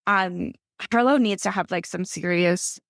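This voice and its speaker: A woman's voice: lowish voice, measured pace, dry recording, clean studio sound. A woman author in her thirties, chatting casually in a podcast interview and telling stories with many "like" fillers. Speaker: author guest.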